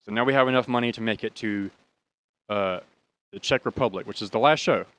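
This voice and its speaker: A man hosting his own show, casually telling a long tour story in a profane, rambling, animated way. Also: lowish voice, brisk, clean tone. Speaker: podcast host, drummer.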